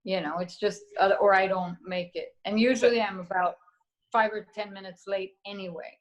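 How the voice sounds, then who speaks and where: A woman who is a podcast guest, talking earnestly and confessionally in casual chat, with halting restarts. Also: medium pitch, steady tone, low-quality recording.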